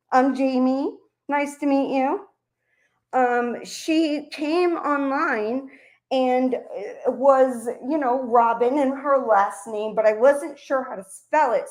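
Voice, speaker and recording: A middle-aged woman streamer delivering an angry, profane, confrontational rant to her audience. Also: high-pitched. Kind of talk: heated livestream rant.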